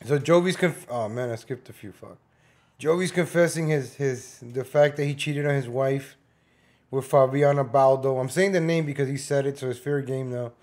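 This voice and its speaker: A man's voice: medium pitch, normal speed, a little mellow. A man hosting a reaction commentary, talking bluntly over a clip, mocking and swearing freely. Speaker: commentary host.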